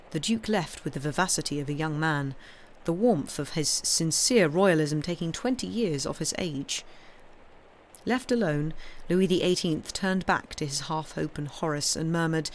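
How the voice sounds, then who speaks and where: A woman's voice: sits low, normal speed, slight background noise. Woman reading a classic novel aloud. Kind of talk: live-streamed audiobook reading.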